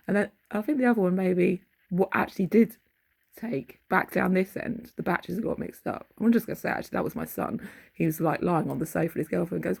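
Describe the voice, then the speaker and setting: A woman's voice: mid-range voice, a little fast, gravelly, darkish tone. A middle-aged woman, casually rambling through a dream she had, often losing her thread and searching for words.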